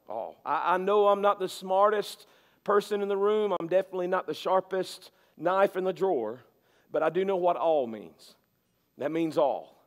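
A male pastor preaching a sermon, emphatic and repetitive, swinging from loud to soft. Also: high voice.

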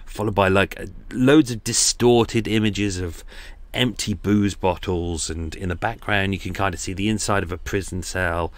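Low-voiced podcast host, rambling. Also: male voice, steady tone, normal speed, dry recording. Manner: jokey, rambling, with sighs and asides. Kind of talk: rambling comic monologue.

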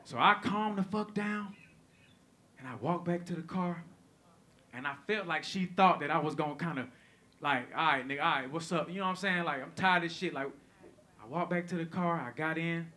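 A man telling a stand-up comedy story onstage, animated and profane, swinging between loud bursts and hushed asides. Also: a little high, normal speed. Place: comedy stage before live audience.

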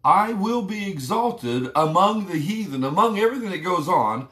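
A man's voice: high-pitched, animated, moderate pace, a bit bright. A man pastor giving a conversational, emphatic devotional sermon. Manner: conversational, emphatic preaching with rising exclamations. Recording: roomy echo.

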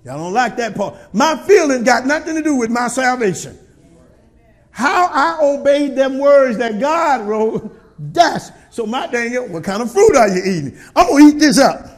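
In a church, a middle-aged male pastor delivers a sermon to his congregation, calling out for responses and frequently shouting. His voice is very high and sing-song, moving at a moderate pace.

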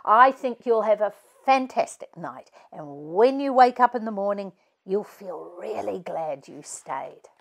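Woman voicing a cheerful reassuring dad, slow, storybook read-aloud. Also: medium pitch, lively intonation, creaky.

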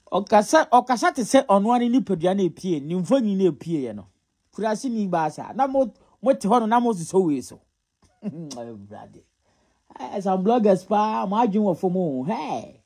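A man's voice: high voice, sing-song, moderate pace, darkish tone, husky. A Ghanaian man giving casual gossip commentary, mocking and scolding as he mixes Twi and English. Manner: scolding, mocking, often laughing.

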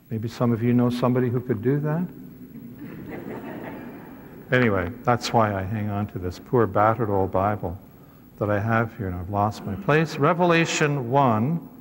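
A man, a priest, giving an animated, conversational teaching talk to a live audience, with humorous asides. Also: mid-range voice, slight background noise. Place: hall with a seated audience. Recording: echoey hall.

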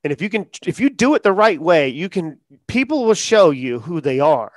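A man talking casually as a podcast guest, acting out quotes in lively storytelling. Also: high voice, moderate pace, no room sound, clean studio sound. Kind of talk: casual interview talk.

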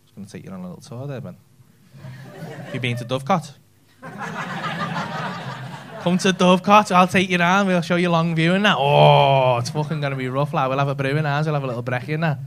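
A man's voice: on the high side, expressive, fast talker, fairly bright tone, slight background noise. A man with a Scouse accent doing stand-up crowd work on a comedy club stage, bantering cheekily with the audience and swearing freely. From Liverpool, England.

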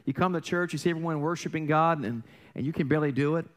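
With a fairly high pitch and a quick delivery, a middle-aged man preaches informally as a pastor in a church sanctuary. He cracks jokes, pokes fun at himself, frequently restarts and quizzes the congregation with rhetorical questions.

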